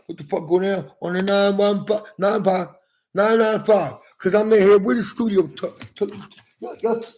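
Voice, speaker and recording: A man in his forties, whose voice sits high with a darkish tone, speaks straight to viewers from inside his house. He delivers a rambling, profane monologue that wanders from topic to topic.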